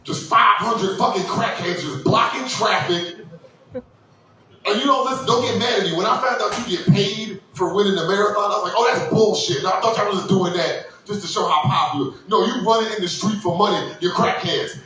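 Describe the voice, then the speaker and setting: Loud crude New comedian in echoey room. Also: male voice, moderate pace, a little hiss or hum. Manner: loud, animated, crude, acts out characters with high squealing voices. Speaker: stand-up comedian. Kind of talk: stand-up comedy set. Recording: echoey room, mic heard from a distance.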